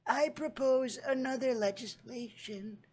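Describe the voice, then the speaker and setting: A man voicing a sweet old grandmother who slowly announces odd law proposals in a soft, breathy voice. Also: very high-pitched, a little hiss or hum, voice pushed up. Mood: prim.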